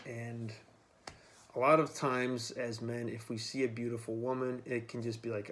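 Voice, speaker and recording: A man's voice: mid-range voice, steady tone, moderate pace. Casual, profane man rambling to camera. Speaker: vlogger.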